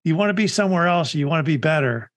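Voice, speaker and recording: A man's voice: on the high side, lively intonation, quick pace. A middle-aged man hosting a podcast, talking casually and upbeat, often restarting his sentences. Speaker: podcast host. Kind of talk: casual chat.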